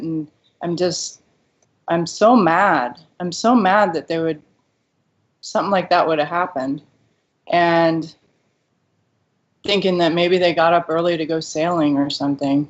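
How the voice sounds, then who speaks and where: A woman with a lowish voice tells her own story as an interview guest, acting out what other people said along the way. The recording is dull and lo-fi. Her account is full of fillers and restarts. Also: a little slow. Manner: retells events, voicing what others said. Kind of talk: personal account.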